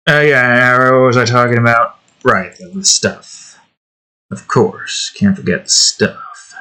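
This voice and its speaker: A young man hosts his own art channel, chatting as he draws. His medium-pitched voice is slow, bright and forceful, with frequent pauses, and he rambles in an offhand, self-deprecating way.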